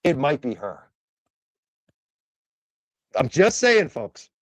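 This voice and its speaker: Lively man giving ominous warnings. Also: on the high side, slow pace, no room sound. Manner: ominous, warning, matter-of-fact. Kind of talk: casual video commentary.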